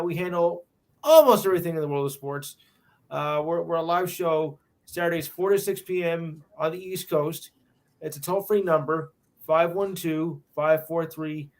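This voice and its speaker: Higher-pitched man plugging his show. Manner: promotional, hesitant with fillers. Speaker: podcast host. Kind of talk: casual chat.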